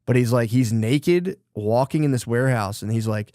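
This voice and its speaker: A man's voice: medium pitch, normal speed, dark tone, dry recording, clean studio sound. A man hosting a podcast, casually and loosely retelling a book's plot with lots of swearing. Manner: loose, rambling retelling of a book plot, with profanity. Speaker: podcast host. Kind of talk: casual chat.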